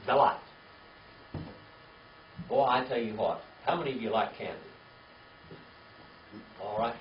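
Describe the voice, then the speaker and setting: A Bible teacher with a mid-range voice guides a small class at a measured pace, asking questions and repeating key words, always following a point with "all right?" The distant mic captures him across an echoey room, leaving the sound dull and lo-fi with faint hiss.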